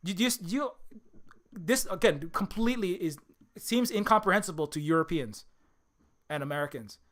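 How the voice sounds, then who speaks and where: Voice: medium pitch, lively intonation, moderate pace, a bit bright. A host from Hawaii giving an impassioned political commentary monologue, swearing often, restarting sentences and asking "right?" again and again. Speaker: channel host.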